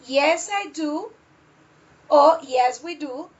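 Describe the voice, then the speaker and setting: Woman teacher, online English class; high voice, unhurried delivery, dull lo-fi sound. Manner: slow, drawn-out modelling of questions. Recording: dull lo-fi audio.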